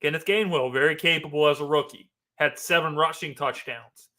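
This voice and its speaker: A man talks through his opinions in an unscripted monologue, pressing his points by repeating them. His voice sits a little high for a man, with a bright, forceful edge. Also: moderate pace. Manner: animated, emphatic, repeats phrases. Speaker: sports podcast host. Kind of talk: casual opinion commentary.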